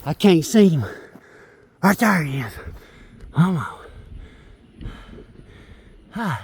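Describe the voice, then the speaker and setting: A man talking outdoors into a handheld phone, excitedly and insistently pointing things out as he walks up a hill. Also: fairly high pitch, slow, a little hiss or hum. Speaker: vlogger. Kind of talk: casual filmed commentary.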